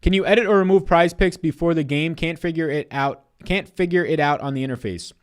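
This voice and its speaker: A man's voice: a little high, a little fast, clean tone. A man in his twenties on a casual live stream, giving fantasy basketball picks and answering chat in a loose, profane way. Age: 20s.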